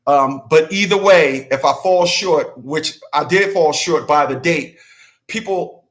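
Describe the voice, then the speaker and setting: A man's voice: a little high, unhurried, fairly bright tone. A man hosting his own channel, talking casually and profanely, hammering points by repeating himself and laughing between rants. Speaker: channel host. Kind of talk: casual livestream rant.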